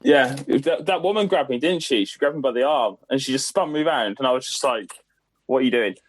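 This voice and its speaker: A man from England co-hosting a podcast, jumping in excitedly with his own side of a story. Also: medium pitch, no room sound. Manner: excitable, quick to jump in and laugh. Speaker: podcast co-host. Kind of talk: casual podcast chat.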